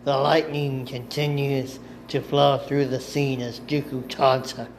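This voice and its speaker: A man reads a first-person story aloud at an unhurried, deliberate pace. His voice has a gravelly edge at a middle pitch, and a faint hiss sits under the home recording. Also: flat delivery. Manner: slow, deliberate reading with occasional self-corrections. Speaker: amateur audiobook narrator. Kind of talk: first-person fiction reading.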